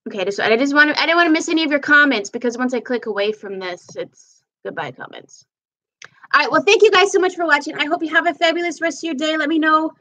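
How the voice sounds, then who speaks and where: A high-pitched woman with a sharp tone, lively intonation and a quick pace runs a casual live makeup chat at home. She meanders chattily while applying her makeup, captured by the camera mic on her stream.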